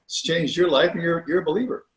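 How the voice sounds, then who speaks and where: A man's voice: a little high, steady tone. Reflective male host in an echoey room. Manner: reflective, halting, with restarts. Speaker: podcast host. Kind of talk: interview chat.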